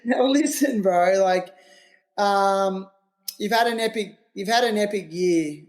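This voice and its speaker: A man's voice: high voice, a little slow. A man hosting a podcast, asking questions in a teasing, jokey way with lots of fillers. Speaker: podcast host. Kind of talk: casual interview chat.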